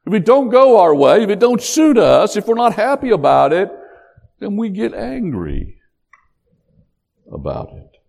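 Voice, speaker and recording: A man preaching a sermon in an animated, emphatic way. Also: high voice, measured pace, gravelly, long pauses. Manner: animated, emphatic, acts out quotes.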